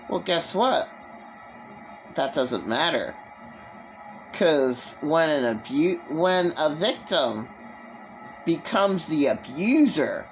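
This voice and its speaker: A woman vlogging an emotional personal monologue, rambling and halting with many restarts. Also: lowish voice, fairly bright tone, rough recording.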